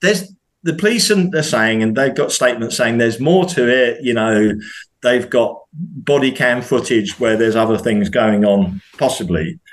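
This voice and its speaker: A man's voice: mid-range voice, a little slow. A man from the UK, a podcast guest, talking casually with many restarts and indignant rising questions. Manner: animated, hesitant restarts, rises sharply when indignant. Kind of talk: casual conversation.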